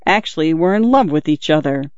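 A man's voice: on the high side, expressive, fairly quick, dry recording, natural voice. A man voicing a flustered, earnest young man who has just become engaged, speaking in an embarrassed rush. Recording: dull dry recording.

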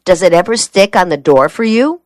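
A woman reading an audiobook voices a puzzled, concerned female partner, raising her voice into a gently questioning tone. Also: lowish voice, lively intonation, fairly quick, no room sound, clean studio sound, close to an everyday voice.

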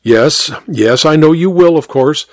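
A man's voice: on the high side, a little slow, darkish tone, dry recording, studio quality, close to an everyday voice. A man voicing a cold, proud doctor who speaks in tight, clipped lines and gets nervous. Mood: tense.

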